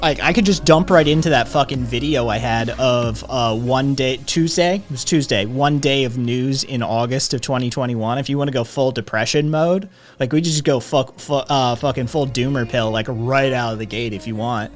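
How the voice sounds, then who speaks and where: Male streamer host, casual and foul-mouthed, average pitch, music low in the background. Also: moderate pace, few pauses. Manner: rambling and heavily profane. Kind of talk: casual live-stream chat.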